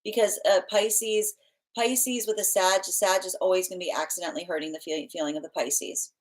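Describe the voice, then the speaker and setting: A woman with a somewhat low voice answers her viewers' questions on a live stream as a tarot reader. She talks casually and chattily, with plenty of fillers and quick restarts, and laughs often. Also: steady tone, rough recording.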